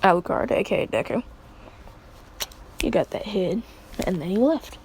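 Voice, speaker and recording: A woman casually retells a fan story, rambling and crude, and laughs often. Her voice sits at a middling pitch. A faint hum of background noise sits under her. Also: lively intonation, moderate pace, darkish tone.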